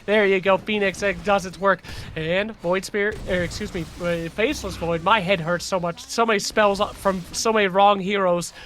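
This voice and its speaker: A man calling esports play-by-play, quick and excitable, who swears now and then. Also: high voice, slight background noise. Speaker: caster.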